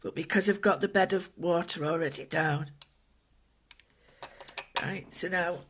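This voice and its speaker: An art instructor giving a calm, gentle, casual drawing and painting tutorial, thinking aloud while working at a desk indoors. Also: mid-range voice, measured pace, slightly rough.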